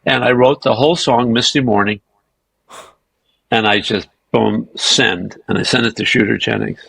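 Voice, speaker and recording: Gravelly, husky man telling stories. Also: fairly low pitch, normal speed, rough recording. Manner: animated anecdotes, acting out quoted dialogue; profane and self-mocking. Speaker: podcast guest. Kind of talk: casual storytelling interview.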